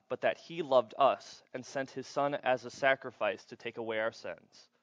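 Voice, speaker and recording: A man preaching a sermon as pastor, playful and animated, acting out little scenes for the congregation. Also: medium pitch, no room sound, muffled recording.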